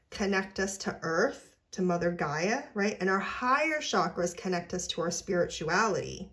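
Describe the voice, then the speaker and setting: A woman giving an unscripted spiritual tarot reading, earnest and gently encouraging, who ends many sentences with a questioning "right?". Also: fairly low pitch. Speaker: tarot reader.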